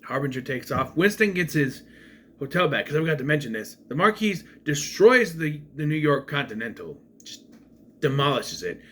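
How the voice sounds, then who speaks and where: A man's voice: a little high, sing-song, normal speed, fairly bright tone, a little hiss or hum. A man giving a casual, rambling spoken film review, with frequent restarts and asides. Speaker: movie reviewer.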